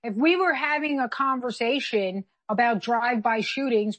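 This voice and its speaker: A woman's voice: fairly high pitch, normal speed, fairly bright tone. A woman co-hosting a political commentary chat, talking in an emphatic, argumentative way. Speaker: co-host.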